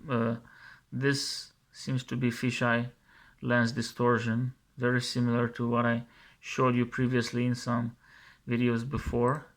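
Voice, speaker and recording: Guy mocking a clip he's watching, slow talker, pretty average pitch, scornful and repeats himself a lot. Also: completely flat delivery. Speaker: video commentator. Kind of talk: scornful commentary over a video.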